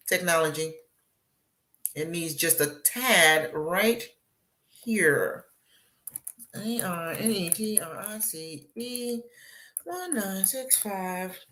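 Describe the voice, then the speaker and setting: A woman hosting a live show as a beauty consultant, chatting casually with viewers and acting out little asides. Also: medium pitch. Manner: chatty, animated, acts out voices in asides.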